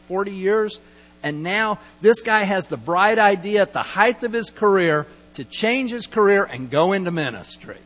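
A man's voice: sits high, fairly bright tone. A middle-aged man pastor giving a conversational, storytelling sermon and acting out quoted lines. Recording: long hall reverb, mains hum.

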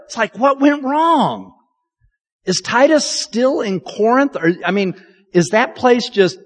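High, lively-voiced pastor preaching. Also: male voice. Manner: candid, self-deprecating and chatty. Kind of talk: conversational sermon. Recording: long reverb of a large hall.

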